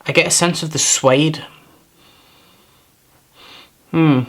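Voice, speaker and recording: A man's voice: on the high side, fairly even intonation, slow pace, fairly bright tone. A man giving a casual, first-impressions review of perfumes, talking in a thoughtful, hesitant way, often repeating words as he searches for them and apologizing for himself. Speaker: fragrance reviewer.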